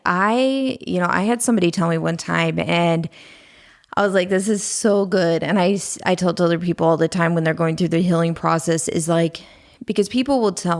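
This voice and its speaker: A woman in her thirties, a podcast guest, talking openly and calmly about her past, with many fillers. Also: lowish voice, vocal fry. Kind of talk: candid conversational interview.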